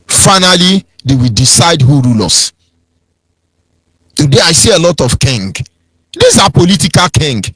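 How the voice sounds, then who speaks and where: Impassioned Nigerian man, high sing-song voice. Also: sing-song, moderate pace, long pauses, fairly bright tone, breathy edge, no echo. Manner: preachy, sing-song, mocking impressions of others. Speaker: radio broadcast speaker. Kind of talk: impassioned political radio talk.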